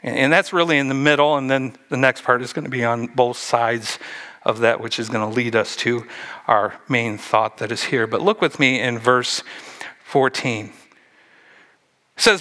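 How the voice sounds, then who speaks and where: A male pastor preaching a sermon, acting out Bible scenes with lively shifts and dropping to a hush for emphasis. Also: medium pitch, normal speed.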